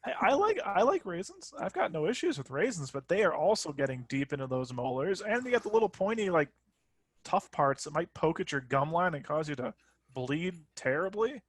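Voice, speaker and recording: Lively higher-voiced man announcing matchups. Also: a little fast. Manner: announces matchups with playful flourish. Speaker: podcast co-host running the bracket. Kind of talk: casual banter.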